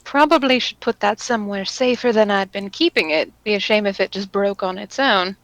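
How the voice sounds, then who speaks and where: A woman's voice: medium pitch, fairly quick, fairly bright tone, no echo, low-quality recording. A woman player in a tabletop game, speaking in character with playful quips. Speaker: player voicing Mira.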